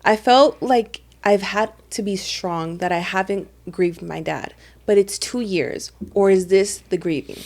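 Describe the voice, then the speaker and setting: A woman's voice: medium pitch, unhurried, darkish tone. A woman hosting a podcast, reading listener questions aloud and chatting casually. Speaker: podcast host.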